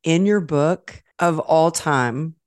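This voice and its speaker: Encouraging woman hosting a podcast, low voice. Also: a little mellow, clean tone, dry recording, studio quality. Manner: encouraging, affirming, quick to agree. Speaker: podcast host. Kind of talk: interview conversation.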